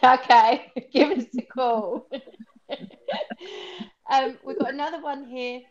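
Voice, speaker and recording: A woman's voice: high voice, fairly even intonation, slow, muffled recording, a little hiss or hum. A woman hosting a casual video call chat, laughing often and reading out viewer questions. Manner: giggly, reads viewer questions. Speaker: host.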